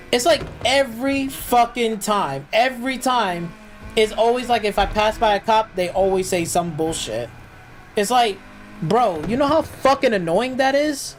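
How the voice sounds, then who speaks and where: A man's voice: sits high, lively intonation, measured pace, slight background noise, poor audio. Profane ranting man streaming gameplay. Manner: loose, filler-heavy, restarts. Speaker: gaming streamer. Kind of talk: live gameplay commentary.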